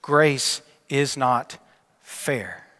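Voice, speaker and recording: A man's voice: medium pitch, extremely slow, sharp tone. Man preaching in an echoing church hall. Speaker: pastor. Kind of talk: sermon. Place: church sanctuary. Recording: long church hall reverb.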